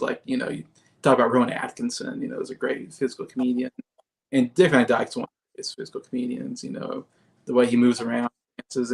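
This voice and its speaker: A man as a podcast guest, rambling in casual chat with many fillers and soft laughs. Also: mid-range voice, gravelly.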